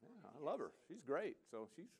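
Animated, rambling male preacher. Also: a little high, moderate pace, husky. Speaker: pastor. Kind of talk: sermon.

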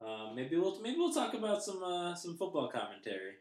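A man's voice: sits high, wildly swooping pitch, a little fast, darkish tone. A man co-hosting a casual podcast, signing off in a loose, rambling way with hesitant fillers. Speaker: podcast co-host. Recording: roomy echo.

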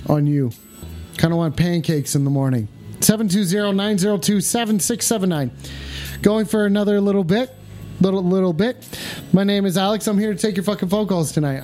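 A loud, foul-mouthed man hosting a livestream, his voice pitched high as he shouts catchphrases at the camera. Faint music plays behind him. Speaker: livestream host. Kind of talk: rowdy livestream banter. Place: at home in front of cameras.

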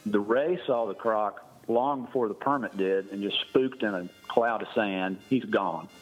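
Unhurried and lowish, with a breathy edge, a man spins a lengthy fishing anecdote as a podcast guest, chuckling and restarting as he wanders through it. The highs are cut off and faint music plays behind him.

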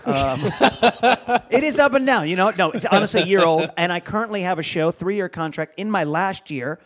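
Joking man with a higher voice. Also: animated, moderate pace, a bit bright. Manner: joking, rambling storyteller. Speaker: guest, comedian and TV host. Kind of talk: casual podcast chat.

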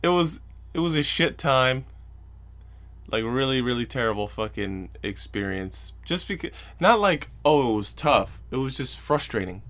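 A man's voice: mid-range voice, expressive, moderate pace, fairly bright tone. Young guy venting on his podcast, cussing a lot, exasperated, mocks people in little voices. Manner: profane, exasperated storytelling with mocking quoted voices. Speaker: podcast host. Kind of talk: casual solo podcast rant.

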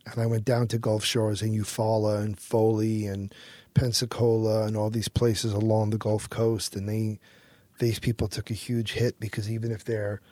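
A middle-aged American man telling a story as a guest in an interview, animated and quick to act out what others said. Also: lowish voice, no echo. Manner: animated storyteller, acts out quotes, swears freely.

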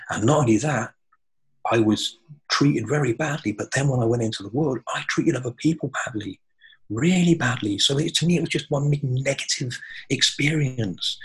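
Man, raspy breathy voice, earnest, reflective, podcast chat. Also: mid-range voice, normal speed, rough recording. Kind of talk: spiritual conversation.

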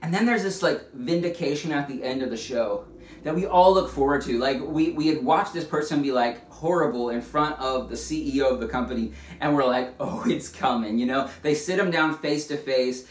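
Pastor preaching in an echoey room. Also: male voice, mid-range voice, brisk, a little hiss or hum. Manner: conversational, animated, with frequent restarts. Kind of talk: sermon. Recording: echoey room, distant mic.

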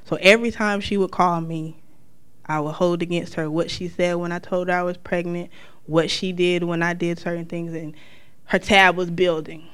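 Smooth-voiced woman telling her story. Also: lowish voice, moderate pace. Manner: lively storyteller who acts out the lines of the people in her story. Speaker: speaker sharing a personal testimony. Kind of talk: personal storytelling.

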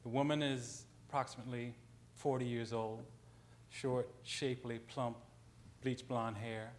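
A man's voice: mid-range voice, flat delivery, unhurried, slight background noise. A man on a panel, a writer, telling an anecdote in a conversational way, with frequent ums and self-corrections.

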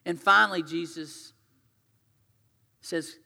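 Male pastor, slightly high and bright, chatty storytelling sermon that swings loud to quiet; long hall echo. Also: moderate pace.

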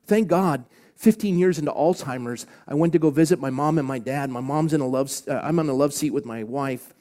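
A middle-aged man, a pastor, preaching an emotional sermon story, choked up, swinging from loud lines to hushed whispers. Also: a little high, fairly quick.

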